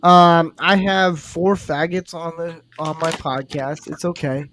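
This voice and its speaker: A man's voice: fairly high pitch, steady tone, measured pace, noisy background. A man hosting a casual podcast, trading crude, teasing jokes with his guests. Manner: crude, teasing banter with loud laughs. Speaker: podcast host. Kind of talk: casual chat.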